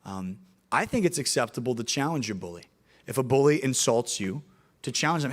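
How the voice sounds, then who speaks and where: A young man, preaching to middle schoolers in an animated storytelling way. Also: medium pitch, a little fast. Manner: animated storytelling, acts out voices in anecdotes. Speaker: youth pastor.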